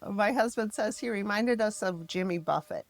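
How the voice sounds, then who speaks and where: A middle-aged mother from the American Midwest telling her family's story in an interview, emphatic and frank, turning animated when she quotes others. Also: medium pitch, moderate pace, no room sound. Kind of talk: personal storytelling in a podcast interview.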